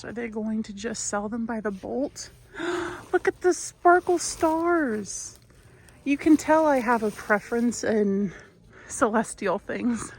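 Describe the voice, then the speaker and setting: A woman's voice: a little high, gravelly. A young woman vlogging as she shops, chatting to viewers in a joking, self-mocking way. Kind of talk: casual shop-with-me vlog. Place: busy big stores, indoors.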